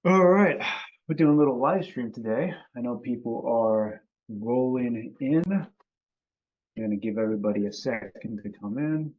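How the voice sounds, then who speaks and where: A man's voice: mid-range voice, lively intonation, normal speed. A man hosting a casual live-stream lesson, greeting viewers by name over a video call. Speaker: host and company CEO. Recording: slightly dull video-call audio.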